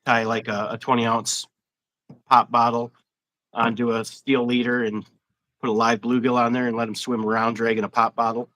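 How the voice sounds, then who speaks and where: A man's voice: medium pitch, flat delivery, moderate pace, a bit bright, rough recording. A man hosting a casual fishing livestream interview, chatty and rambling, laughing often. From Wisconsin. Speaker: host.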